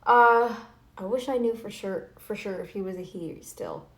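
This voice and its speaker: A woman's voice: mid-range voice, normal speed. A woman vlogging to camera in a casual, snarky, taunting way, rambling with restarts and fillers. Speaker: YouTube vlogger. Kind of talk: casual talking-head vlog.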